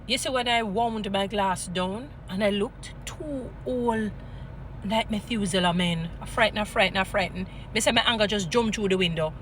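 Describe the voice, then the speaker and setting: A Jamaican woman holds forth like a street preacher, her bright, forceful voice swinging between scolding and Bible storytelling in a mix of patois and English. Faint traffic hums outdoors behind her. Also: medium pitch, normal speed. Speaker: vlogger. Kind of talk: impassioned commentary with Bible stories.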